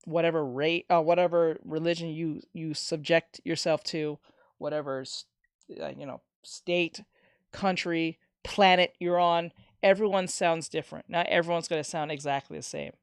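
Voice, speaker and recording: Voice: mid-range voice, moderate pace, clear, resonant tone, dry recording, studio quality. A streamer in a casual live-stream chat, ranting with some swearing and reading chat messages aloud. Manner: animated ranting with profanity, reads chat aloud.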